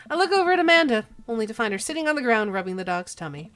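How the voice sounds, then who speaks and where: A woman's voice: a little high, sing-song, rapid-fire, few pauses, a bit bright, faint music behind. A woman streamer playfully reading a dating game aloud and chatting with viewers.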